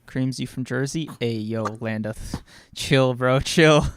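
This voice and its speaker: Gravelly dude on a podcast mic, dry close sound, swears a lot, keeps stammering and repeating himself. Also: male voice, mid-range voice, slow pace, dry recording. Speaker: podcast co-host. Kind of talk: casual chat reacting to live chat.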